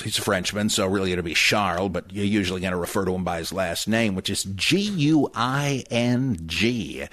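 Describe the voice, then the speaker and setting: A man's voice: sits low, fairly bright tone, dry recording. A man giving a casual, wry commentary on biblical studies, with frequent fillers and spelled-out words.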